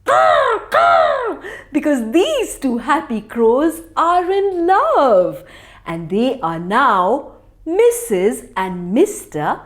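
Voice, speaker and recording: A woman narrates a children's tale in a lively, sing-song voice pitched a little high. She takes her time, giving playful animal calls and slipping into hushed tones for the tense parts. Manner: animated, theatrical, with playful crow caws and hushed suspense. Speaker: children's storyteller. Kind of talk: expressive storytelling for kids.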